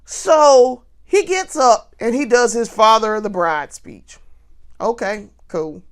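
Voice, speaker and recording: A woman vlogger talking straight to the camera, telling a story in an animated way and laughing often. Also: a little high, slow. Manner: talks straight to viewers.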